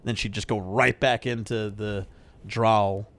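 A man's voice: on the low side, steady tone, measured pace, fairly bright tone, no room sound. A man chatting casually as a podcast host, laughing often and acting out voices in his anecdotes. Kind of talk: casual chat.

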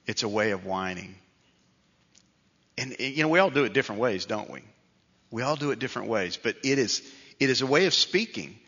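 Middle-aged male pastor, bright voice, easygoing storytelling sermon, dull hall recording. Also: lowish voice. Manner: conversational storytelling preacher, self-deprecating. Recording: dull reverberant hall sound.

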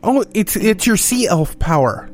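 High, lively curious man. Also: measured pace, faint music behind. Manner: curious, asking questions. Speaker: player. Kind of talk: casual tabletop game play.

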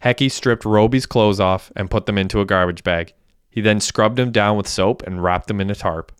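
A man giving a steady, even audiobook narration on a close mic. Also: fairly low pitch, normal speed, clear, resonant tone, dry recording. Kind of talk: scripted narration.

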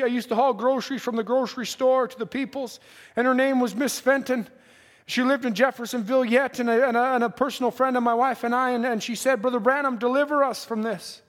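A male preacher telling a dream in a sermon, earnest and halting, often repeating himself. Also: extremely high pitch, long reverb tail. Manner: earnest storytelling, halting repetitions.

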